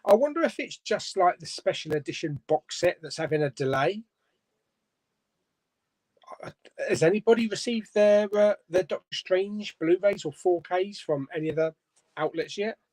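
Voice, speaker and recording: A man's voice: sits high, animated, normal speed, a little mellow, no echo. A man hosting a casual live stream, reading viewer comments aloud and chuckling between them. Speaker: host of a live chat stream. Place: home room.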